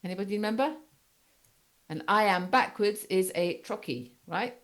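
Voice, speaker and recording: A woman teacher giving a seminar lecture, talking haltingly with many fillers and often checking that students follow. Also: medium pitch, a bit bright.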